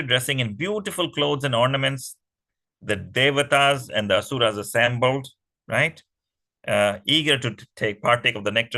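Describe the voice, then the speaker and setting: A man telling a myth to a children's class, animated and often asking the kids questions. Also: mid-range voice, low-quality recording. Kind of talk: storytelling to children.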